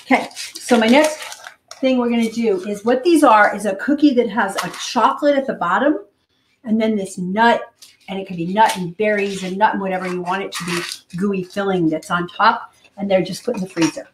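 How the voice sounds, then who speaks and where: Woman hosting a hurried kitchen demo. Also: medium pitch, a little hiss or hum. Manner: hurried, chatty, thinks out loud. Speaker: cooking show host. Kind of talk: live cooking demonstration. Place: home kitchen. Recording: roomy kitchen with clattering dishes.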